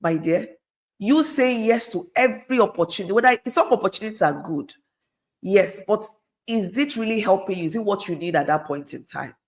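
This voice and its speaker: A middle-aged woman appears as a guest, her mid-range voice animated and brisk. She gives advice in an earnest, conversational manner, repeating phrases for emphasis.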